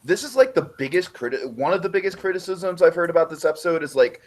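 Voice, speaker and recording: A man's voice: a little high, animated, fast talker. A man hosting a casual recap discussion, opinionated and emphatic, now and then breaking off with apologetic asides.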